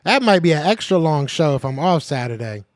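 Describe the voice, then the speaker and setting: A man hosting a live podcast, reading the chat and trash-talking in a casual, animated way; he is a little sick. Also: a little high, brisk, dry recording, clean studio sound.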